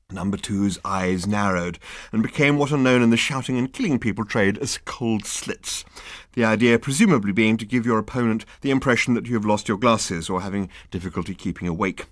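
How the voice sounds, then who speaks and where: A man reading an audiobook aloud with wry, deadpan humor. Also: lowish voice, fairly quick, no room sound, studio quality. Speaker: audiobook narrator. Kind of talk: scripted narration.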